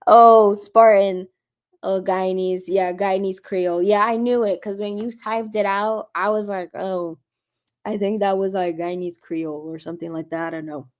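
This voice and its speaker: A woman's voice: mid-range voice, fairly even intonation, normal speed. A woman chatting casually on her own livestream, retelling a conversation with lots of "like" fillers. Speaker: Christian livestreamer.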